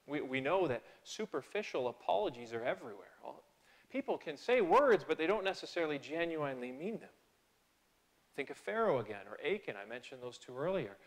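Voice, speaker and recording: A pastor preaches a sermon in a church sanctuary, very animated at normal speed with long pauses. Earnest and conversational, he swells in pitch and loudness on key phrases and makes small restarts.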